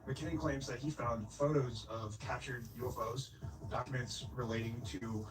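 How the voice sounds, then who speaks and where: A man reading scripted documentary narration in an even, informative way. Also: mid-range voice, moderate pace, rough recording. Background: music.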